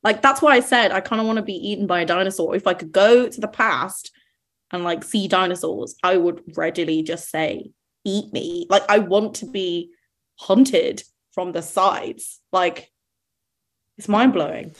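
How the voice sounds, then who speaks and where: Giggly woman podcast guest. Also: medium pitch. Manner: giggly, quick and self-conscious. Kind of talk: casual chat.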